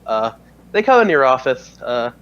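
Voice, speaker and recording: A man's voice: mid-range voice, sing-song, moderate pace, fairly bright tone, highs cut off. A man narrating as game master of a tabletop game, hesitant and full of fillers.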